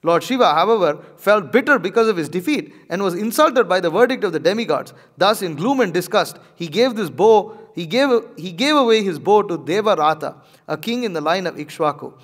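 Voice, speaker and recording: A man reading a religious scripture aloud and pausing to comment, measured and a little hesitant in his asides. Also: high voice, expressive, big-room sound. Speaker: religious teacher.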